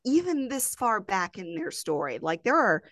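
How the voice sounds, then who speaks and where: Sniffly woman, animated anime chat, dry mic. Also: mid-range voice, normal speed, no room sound. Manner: animated, swears, laughs mid-sentence. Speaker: podcast co-host. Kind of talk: casual chat about an anime.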